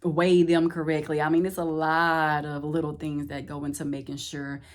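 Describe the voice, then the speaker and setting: A woman, telling a story casually to camera, animated and laughing often as she acts out what others said. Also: low voice, moderate pace. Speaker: vlogger. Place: Houston, Texas.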